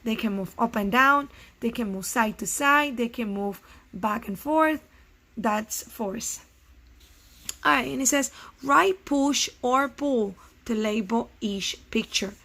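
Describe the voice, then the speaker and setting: A middle-aged woman teacher giving a recorded science lesson to first graders, explaining slowly and asking the children questions. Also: on the high side, fairly bright tone.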